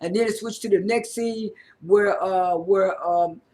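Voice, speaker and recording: A man casually recapping a reality show episode, halting often with fillers and repeated words as he retells who said what. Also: sits high, darkish tone. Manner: retells scenes by quoting people.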